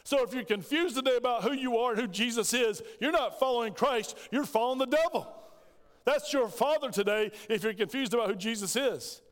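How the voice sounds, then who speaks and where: High-voiced preacher in a reverberant church. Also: male voice, fairly quick. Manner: preaching with rhetorical questions, quoting scripture in acted voices. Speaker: pastor. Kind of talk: sermon. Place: church sanctuary. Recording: long hall reverb.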